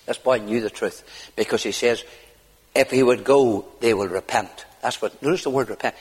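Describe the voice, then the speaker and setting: A middle-aged man with a Northern Irish accent preaching a hellfire sermon. He swings from hushed low tones up to high, shouted pleading. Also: normal speed, husky. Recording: long hall reverb.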